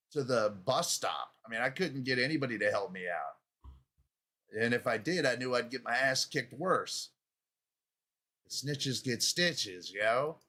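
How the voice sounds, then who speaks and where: A man's voice: medium pitch, a bit bright. A man in his fifties, hosting a comedy show, delivering a crude, profane, rambling rant and laughing at himself. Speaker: show host.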